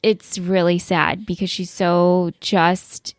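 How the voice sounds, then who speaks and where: A woman's voice: lowish voice, little pitch movement, slow, no room sound, clean studio sound. A woman co-hosting a podcast, chatting casually and giving firm opinions. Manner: opinionated, agreeable chat. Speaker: podcast co-host. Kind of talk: casual recap chat.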